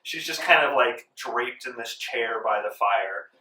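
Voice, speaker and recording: Relaxed, meandering male game master; bright tone, distant mic in a roomy space. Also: mid-range voice, a little slow. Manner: relaxed with many fillers. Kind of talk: narrating a tabletop game. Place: library room. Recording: echoey room from far off.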